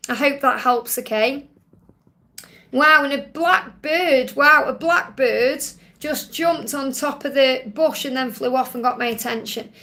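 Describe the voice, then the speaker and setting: A woman with a Stoke-on-Trent accent, hosting a live question-and-answer stream, reading cards in a gentle, reassuring way and repeating key phrases. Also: high voice, measured pace. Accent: Stoke-on-Trent English. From England. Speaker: card reader answering viewer questions.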